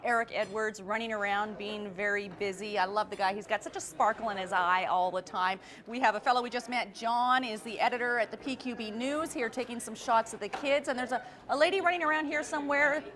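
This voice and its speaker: A woman's voice: a little high, fairly even intonation, fairly quick, few pauses, a bit bright. A woman hosting a local lifestyle TV show on location, upbeat and chatty. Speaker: TV host.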